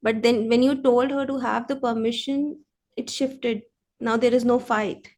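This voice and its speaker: Woman host, high voice, affirming, thoughtful questions. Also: steady tone, unhurried, darkish tone. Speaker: podcast host. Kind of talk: interview conversation.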